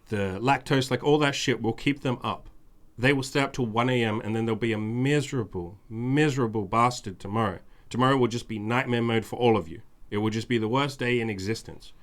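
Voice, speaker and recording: A man's voice: medium pitch, fairly bright tone. A man hosting a podcast in casual chat, speaking bluntly with profanity and emphatic repetition. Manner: mimics whiny demands in a raised voice. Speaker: podcast host.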